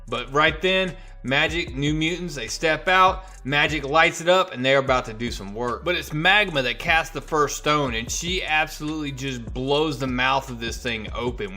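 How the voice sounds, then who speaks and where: A man giving a casual, energetic recap of a comic book issue, acting out the characters' lines as he tells the story. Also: mid-range voice. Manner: energetic storyteller who acts out quoted lines.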